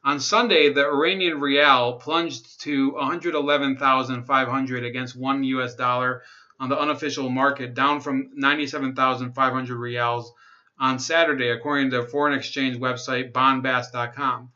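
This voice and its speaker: A man's voice: medium pitch, fairly even intonation, moderate pace, pushed and bright, muffled recording. A young man hosting a livestream, reading news articles aloud and breaking off for sarcastic asides and chat comments. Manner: sarcastic, laughs at own jokes, reads chat comments. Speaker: livestream host.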